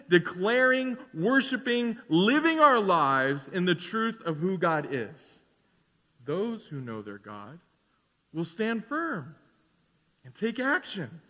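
A man preaching a sermon as pastor, animated, swinging between loud declarations and quiet asides. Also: high voice, big-room sound. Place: church sanctuary.

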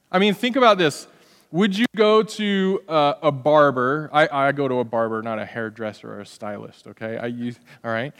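A man's voice: a little high, clear, resonant tone. A man in his forties preaching a sermon in a church, talking in a loose, conversational way and acting out small everyday scenes to make his point. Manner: conversational, animated, acts out little scenes. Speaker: pastor. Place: church sanctuary. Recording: long hall reverb.

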